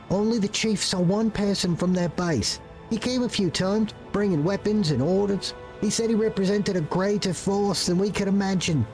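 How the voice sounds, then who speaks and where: Man doing a young rebel, cockney-style accent, higher pitch, desperate and pleading, faint music behind. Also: a little mellow, lightly acted. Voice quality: put-on British accent, cockney slang. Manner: urgent, pleading, breathless storytelling.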